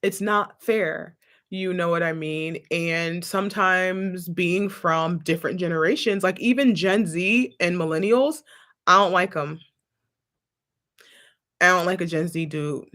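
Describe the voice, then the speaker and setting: A woman hosting a vlog in casual chat to camera, animated and sassy, often laughing. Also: fairly low pitch, measured pace. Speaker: vlog host.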